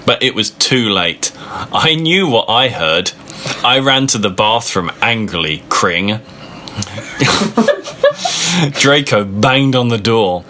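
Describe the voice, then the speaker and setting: A man's voice: fairly low pitch, animated, slow pace, long pauses, bright, forceful tone, slight background noise. A man giving a comic reading aloud, with sarcastic, amused asides and free swearing. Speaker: reader of a fan fiction. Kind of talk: comedic dramatic reading with mocking asides.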